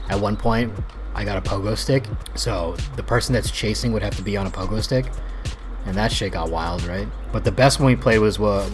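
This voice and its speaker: A man in his thirties telling rambling, profane childhood stories while playing a game, laughing as he goes. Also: on the low side. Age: 30s. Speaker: gaming video host. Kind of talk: casual storytelling over gameplay.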